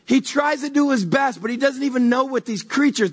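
A pastor giving a conversational sermon, animated and stumbling over repeated words as he reaches for images. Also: very high-pitched, a little fast.

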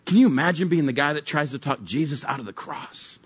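A man's voice: fairly high pitch, animated, brisk, husky. A man preaching a sermon as a retold story, wondering aloud and joking casually with the listeners. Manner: wondering, conversational with jokes.

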